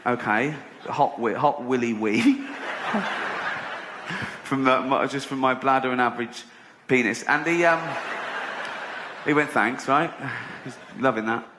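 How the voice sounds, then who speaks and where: A man's voice: medium pitch, echoey room, background noise. A middle-aged English man doing stand-up, rambling and self-deprecating, often laughing at his own jokes. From England. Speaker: stand-up comedian. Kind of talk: stand-up comedy routine. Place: theater stage with audience.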